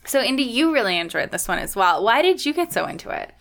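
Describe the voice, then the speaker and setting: A woman's voice: fairly high pitch, very animated, fast, fairly bright tone. A young adult woman co-hosting a podcast in casual, upbeat chat, laughing often. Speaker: podcast co-host.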